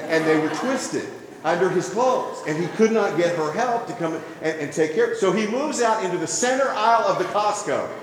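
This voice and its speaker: A man preaching a sermon, telling a story with gentle humor before moving into earnest teaching. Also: high voice, noisy background. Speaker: pastor. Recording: very echoey hall with long reverb.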